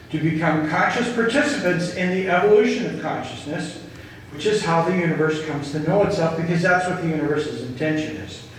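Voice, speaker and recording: A man's voice: on the high side, a little hiss or hum. Earnest man speaking in an echoey hall. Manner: earnest, slow and emphatic. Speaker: speaker at a group gathering. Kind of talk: inspirational talk and storytelling. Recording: echoey hall, distant mic.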